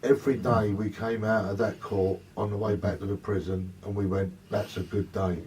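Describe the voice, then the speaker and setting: A man, joining the interview to tell his side of the stories in a lively, anecdotal way. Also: lowish voice, normal speed, a little hiss or hum. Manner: animated anecdote-telling. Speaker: interview guest. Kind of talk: casual storytelling. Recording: voice distant from the mic.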